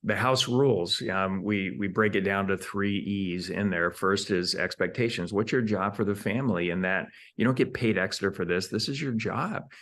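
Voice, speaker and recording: Low-voiced man explaining step by step. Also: normal speed, hardly any pauses, a bit bright. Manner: explains in numbered steps, repeats words while thinking. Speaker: entrepreneur guest. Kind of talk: conversational interview.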